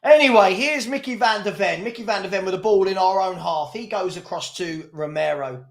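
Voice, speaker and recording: A man's voice: sits high, brisk, gravelly. A young man hosting a live football watchalong, calling the play and ranting at his chat. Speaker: watchalong host. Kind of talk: live match commentary and chat.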